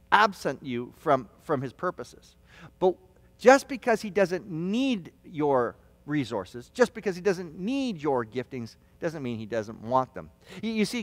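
A man preaching a sermon as pastor, telling stories with restarts and stammers, sometimes shouting quoted lines. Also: sits high, dry recording, long reverb tail. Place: church hall.

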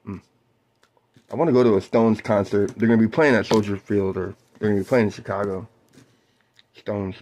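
A man doing live play-by-play of a basketball game for his stream, whooping and shouting on big plays and chatting mellowly with his viewers between plays. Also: on the low side, steady tone, fairly quick, long pauses.

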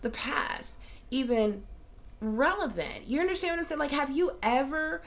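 A woman's voice: sits high, lively intonation, moderate pace. A middle-aged woman, ranting bluntly and profanely, firing off rhetorical questions. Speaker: psychic reader. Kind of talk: ranting monologue.

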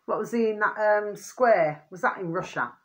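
A woman's voice: mid-range voice, moderate pace. A woman vlogger talking in a rambling, repetitive way to her viewers, often irritated and venting. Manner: rambling, repeats pet phrases, asks "do you see what I mean". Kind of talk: rambling casual monologue to viewers.

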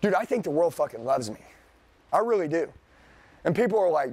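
A man's voice: a little high, big pitch swings, a little fast, darkish tone, slightly rough, no room sound. A man giving a motivational sales seminar to a live audience, talking bluntly and profanely. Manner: profane, blunt, fired-up, addresses the crowd directly. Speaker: sales trainer.

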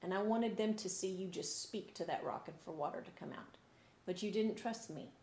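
A woman voicing a stern but patient male God who gives firm, deliberate instructions, heard in an echoey church room. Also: mid-range voice, gravelly, darkish tone, lightly acted. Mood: disappointed.

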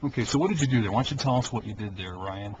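A man's voice: fairly low pitch, very fast. A man giving an easygoing, hands-on demonstration beside a car engine, coaching helpers and chuckling often. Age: adult. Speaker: conversion kit installer. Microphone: camcorder microphone. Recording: dull lo-fi camcorder audio with steady noise.

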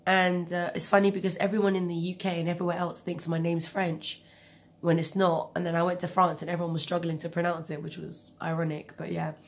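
A woman's voice: lowish voice, level tone, a little fast. Chatty woman with a cold. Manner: chatty, rambling with asides. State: has a cold, coughing. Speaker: vlogger. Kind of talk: casual storytelling.

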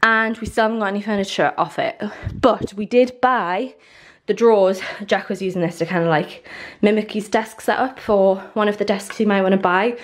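A lifestyle vlogger in her twenties talks casually to the camera while walking around the house she's just moved into. She rambles, filling gaps with "like," in a medium-pitched voice at a moderate pace.

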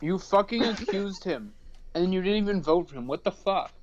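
A woman's voice: on the low side, animated, moderate pace, lo-fi sound, a little hiss or hum. A woman in an online game call, bluntly and profanely teasing another player. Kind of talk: casual gaming chat.

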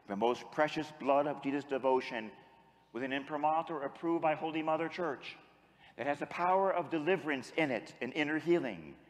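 A male priest preaching a sermon, telling a story and leading the congregation in call-and-response prayer. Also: medium pitch. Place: church. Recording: long church reverb.

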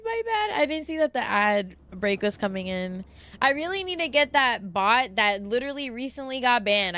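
A young adult woman casually streams a horror game, getting startled often, cursing, and chatting with and thanking viewers between the scary moments. Her voice is mid-range and a bit bright, captured in a dry recording.

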